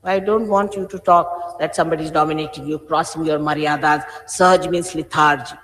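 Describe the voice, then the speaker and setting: A woman's voice: low voice, fairly even intonation, a little fast. A woman in her sixties, a spiritual teacher addressing her followers in a stern, scolding manner. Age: 60s. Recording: roomy archive recording with long hall reverb.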